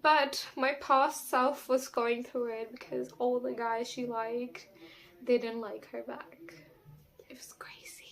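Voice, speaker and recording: A woman's voice: a little high, level tone, slow, gravelly. A young woman talking to camera in a casual vlog, sassy and candid, swearing freely and filling her talk with "like" and "you know.". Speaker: vlogger.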